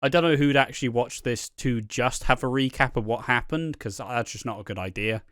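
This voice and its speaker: A man's voice: medium pitch, fairly quick, fairly bright tone, smooth, no room sound, studio quality. Sweary laid-back young man. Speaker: podcast host. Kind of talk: casual podcast chat.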